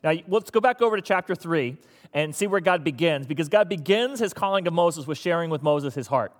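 A man's voice: fairly high pitch, animated, fairly quick, long reverb tail. A man preaching a sermon to his church in a conversational, teasing way. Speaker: pastor.

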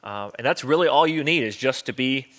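A man's voice: medium pitch, expressive, brisk, a bit bright. A man preaching a sermon as pastor in a conversational, earnest way with wry humor.

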